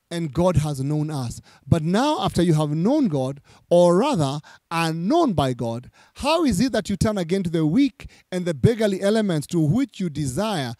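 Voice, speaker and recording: A male pastor preaching a sermon, his voice pitched high but mellow in tone. He reads scripture passages and goes back over key lines for emphasis, in a dry, close recording. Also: no echo.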